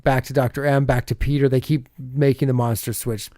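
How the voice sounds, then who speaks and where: A man's voice: mid-range voice, little pitch movement, a little fast, dark tone, no echo, clean studio sound. A man co-hosting a podcast, casually recapping a TV episode scene by scene and laughing often as he goes.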